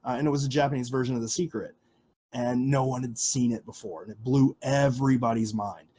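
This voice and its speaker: A man's voice: medium pitch, fairly even intonation, fairly quick, dark tone, slightly rough. Rambling casual man hosting a livestream. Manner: rambling, filler-heavy, casual swearing. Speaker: livestream host answering questions.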